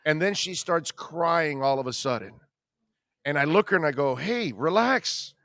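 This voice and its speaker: A man hosting a talk radio show, telling a rambling, animated personal story in casual conversation. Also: a little high, normal speed, no echo.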